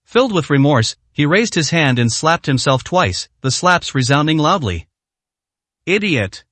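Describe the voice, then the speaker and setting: A man narrating a dramatic story in a steady, scripted reading. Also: a little high, normal speed, no room sound.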